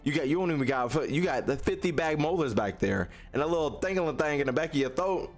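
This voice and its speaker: Excitable joking gaming YouTuber, man. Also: on the high side, a little fast, faint music behind. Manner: excitable, joking reactions with slang. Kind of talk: casual gameplay commentary.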